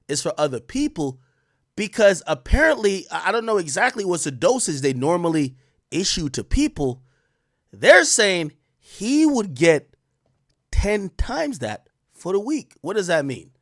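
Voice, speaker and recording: A young man hosts a sarcastic commentary rant. His voice sits high and bright and leaps all over the place, from loud mocking outbursts to low asides. The sound is dry and close, with no room echo. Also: big pitch swings, normal speed. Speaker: commentary show host.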